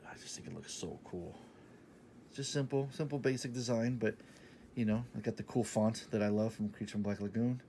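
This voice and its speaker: Low-voiced man in an upbeat haul vlog. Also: brisk, a little hiss or hum. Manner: enthusiastic, repeats himself, sometimes drops to a soft half-whisper. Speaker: vlogger showing a shopping haul.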